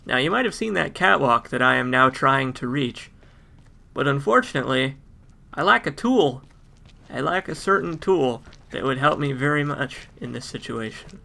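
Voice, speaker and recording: A man's voice: medium pitch, expressive, normal speed, vocal fry, pushed and bright. A man giving casual let's play game commentary with wry, joking asides.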